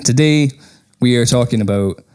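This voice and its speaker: Man, podcast host, casual chat, rambling, giggly, average pitch. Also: moderate pace, darkish tone, smooth, faint music behind.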